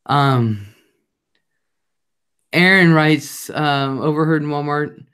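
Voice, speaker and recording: A woman hosting a casual live chat, telling brash, loud stories with lots of laughing. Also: a bass voice, sing-song, slow, pauses often. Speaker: livestream host.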